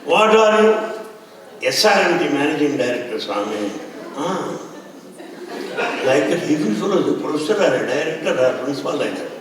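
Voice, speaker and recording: Older Indian man, Telugu accent, lively storyteller who acts out voices; far-off mic, big echoey hall. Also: on the high side, racing, a crowd in the background. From Andhra Pradesh, India. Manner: animated, acts out dialogue, laughs often. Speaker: speaker recounting spiritual experiences. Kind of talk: storytelling talk to an audience. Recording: distant mic in a reverberant hall, faint ambience.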